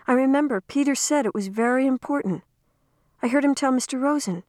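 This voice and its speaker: A woman's voice: high voice, a little fast, a little mellow, no echo, clean studio sound, pitched above the performer's own voice, lightly acted. A woman reading a storybook, voicing an earnest young girl who asks urgent questions. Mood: eager.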